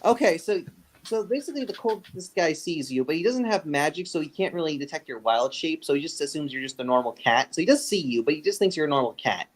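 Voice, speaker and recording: A man's voice: on the high side, lively intonation, quick pace. A man narrating as game master of a tabletop game, rambling and correcting himself as he goes.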